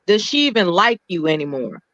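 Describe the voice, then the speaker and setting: A woman on a comedy livestream panel, asking teasing questions in a deadpan way. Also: lowish voice, brisk, no echo. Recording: dry, dull lo-fi stream audio.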